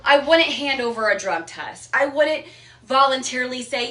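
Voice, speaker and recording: A young adult woman livestreams an emotional rant from home, her voice high, expressive, a bit bright, and at normal speed. She rambles, repeats herself, and gets defensive, with the mic held at a distance in an echoey room.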